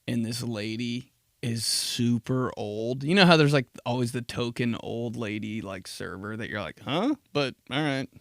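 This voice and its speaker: A man's voice: mid-range voice, moderate pace, dry recording, clean studio sound. A young man hosting a solo podcast, telling rambling, profane stories and laughing at his own jokes. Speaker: podcast host. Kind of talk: casual solo podcast monologue.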